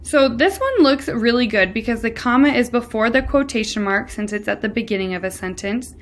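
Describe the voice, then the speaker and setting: A woman's voice: a little high, lively intonation, fairly quick. Woman teacher explaining step by step. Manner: explains step by step, many "so" starts. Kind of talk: recorded grammar lesson.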